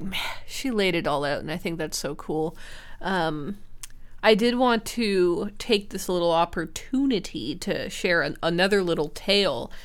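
A woman's voice: lowish voice, a bit bright. A woman chats on a podcast in a loose, rambling way, packing her talk with fillers and little laughs. She teases herself as she tells a story and keeps her tone light. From Canada. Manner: chatty, giggly and self-mocking, with many fillers. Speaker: podcast co-host and book YouTuber. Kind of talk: casual chat.

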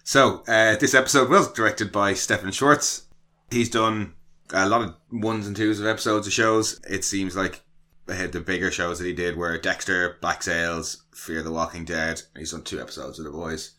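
A man's voice: low-pitched, steady tone, moderate pace, pushed and bright. A man co-hosting a casual podcast, joking and laughing as he reads from his notes. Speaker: podcast co-host. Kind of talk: casual chat.

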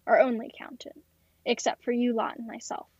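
A woman's voice: on the high side, flat delivery, a little fast, a little mellow, slightly rough, no room sound. A woman voicing a weary, exasperated female office boss who pops her gum, in a tabletop game. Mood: brisk. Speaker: head accountant. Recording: dull lo-fi dry recording.

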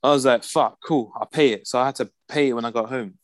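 A man's voice: medium pitch, fast, dry recording. Slangy young man ranting. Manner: animated, slangy, acts out the people he quotes. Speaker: podcast regular. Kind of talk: casual storytelling rant.

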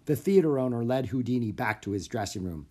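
A narrator reading a children's chapter book aloud with expressive, animated storytelling. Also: mid-range voice, brisk.

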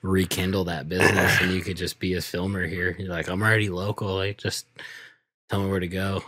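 Young man, podcast co-host, very deep voice, laid-back storytelling, swears, dry close sound. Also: level tone, brisk, pushed and bright, slightly rough, no room sound. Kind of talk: casual chat.

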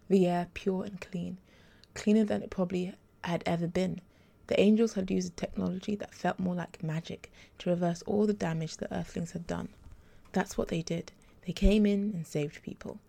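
Woman narrating a story, low gravelly voice, warm and mellow. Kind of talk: reading a story aloud.

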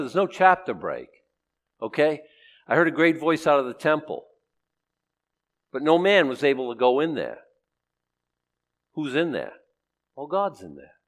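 A man teaching a Bible sermon in a chatty way, asking and answering his own questions and acting out the quoted lines. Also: mid-range voice. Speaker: preacher.

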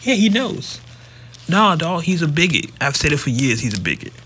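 A man's voice: fairly high pitch, sing-song, fairly quick, bright, forceful tone, slight background noise. A man hosting a casual talk show, giving emphatic, blunt and profane commentary. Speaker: podcast host.

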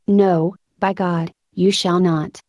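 A woman's voice: lowish voice, fairly even intonation, takes it slowly, darkish tone, no echo, clean studio sound. A woman voicing a bewildered, spellbound man who asks earnest questions. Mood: vowing.

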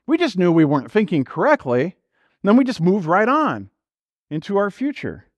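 High-voiced pastor preaching casually. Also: male voice, huge pitch swings, normal speed, dry recording, highs cut off. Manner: conversational preaching with rhetorical questions and acted-out quotes. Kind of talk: sermon.

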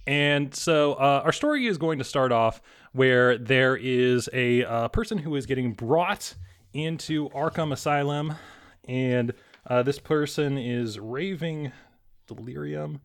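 A man narrating a tabletop horror game as game master, halting with many pauses and restarts. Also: mid-range voice, smooth.

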